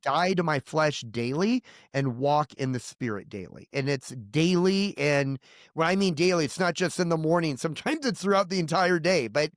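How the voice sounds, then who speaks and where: A man's voice: fairly high pitch, moderate pace, no echo, clean studio sound. Earnest man sharing his faith story. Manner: earnest, heartfelt, with short laughs. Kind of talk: personal testimony in conversation.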